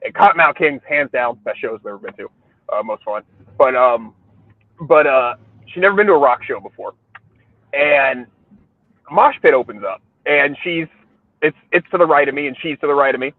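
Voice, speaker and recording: A man's voice: mid-range voice, expressive, normal speed, pauses often, no echo, narrow, tinny audio. A man hosting a podcast, telling rambling, crude stories in a casual chat and laughing often. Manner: rambling storyteller, crude jokes, laughs a lot. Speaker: podcast host.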